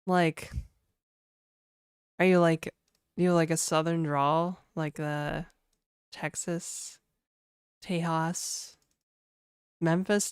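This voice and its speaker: A woman's voice: on the low side, steady tone, takes it slowly, pauses often, clean tone, dry recording, studio quality. A woman game developer streaming and chatting casually, laid-back and talkative, often laughing and saying "like" and "dude". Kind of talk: casual livestream chat.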